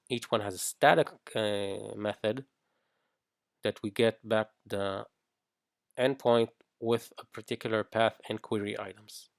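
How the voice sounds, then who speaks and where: A man talks through a coding tutorial at an unhurried, halting pace, pausing on fillers as he thinks aloud. His lowish voice has a gravelly edge, and the sound is dry and close. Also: no room sound. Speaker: iOS developer teaching. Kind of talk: screen-recorded coding tutorial.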